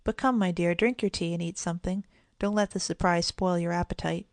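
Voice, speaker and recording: A woman voicing a kindly, calm father in a storybook, speaking gently and reassuringly. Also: on the low side, a little fast, creaky, no room sound. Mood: gentle.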